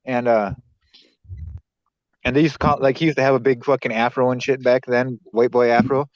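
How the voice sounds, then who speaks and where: A man's voice: mid-range voice, steady tone, moderate pace, no room sound. A young man, a podcast co-host, telling stories in casual chat, rambling and swearing a lot. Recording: dull dry lo-fi sound.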